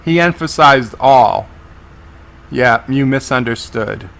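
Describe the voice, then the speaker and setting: Man, live episode reaction, bright forceful tone, describes the action as it happens, frequent restarts. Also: medium pitch, slow, creaky. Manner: narrates scenes as they play, with frequent restarts. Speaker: TV episode reviewer.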